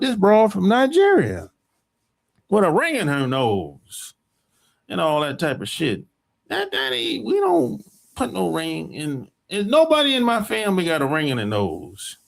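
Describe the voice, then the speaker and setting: A man's voice: sits high, vocal fry. An American man hosting a podcast, talking in a rambling, emphatic opinion monologue full of profanity. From United States. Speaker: podcast host.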